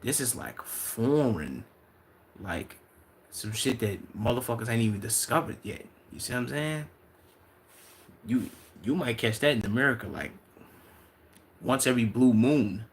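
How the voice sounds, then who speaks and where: A young man from Chicago, a livestreamer reading out and answering chat in loose, profane, excitable banter. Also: mid-range voice, normal speed, pauses often.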